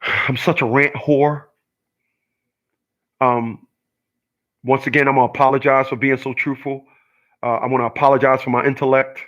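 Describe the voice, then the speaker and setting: A man's voice: mid-range voice, flat delivery, moderate pace, pauses often, fairly bright tone, lo-fi sound. A man hosting his own channel, delivering an emphatic solo rant and repeating his points for force. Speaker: channel host. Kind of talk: solo ranting monologue.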